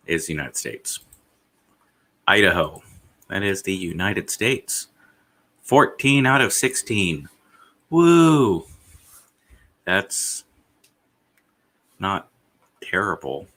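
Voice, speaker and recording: A man live-streaming himself, rambling casually and thinking aloud, swearing now and then and filling pauses with "uh". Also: deep voice, animated, sharp tone.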